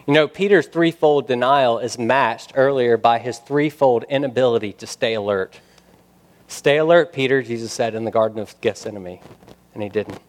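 A man preaching a sermon in a mid-pitched voice. He builds to loud, emphatic runs, then drops low and quiet to press a point home. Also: normal speed. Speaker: pastor.

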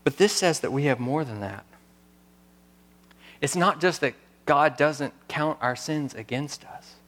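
A man in his thirties preaching a sermon, earnest and storytelling, pausing before key words. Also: medium pitch, a bit bright. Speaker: pastor.

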